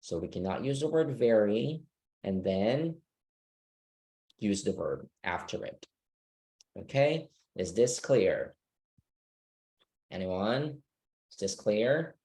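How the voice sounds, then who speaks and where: A man's voice: on the low side, sing-song, takes it slowly, long pauses, warm tone. A man teaching an online English speaking class, patient and checking that students understand.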